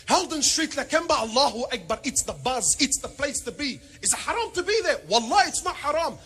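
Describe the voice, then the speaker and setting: A man preaching a sermon, animated and joking, firing rhetorical questions and mixing in Arabic phrases. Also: very high voice, fairly quick. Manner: peppers speech with Arabic phrases. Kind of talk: sermon to a congregation.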